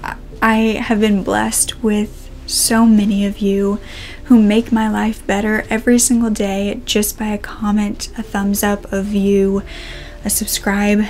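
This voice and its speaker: A woman hosting a true crime channel, speaking a sincere, heartfelt message straight to her viewers, a little emotional, with some phrases trailing off soft and near-whispered. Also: mid-range voice, little pitch movement, unhurried, soft background music.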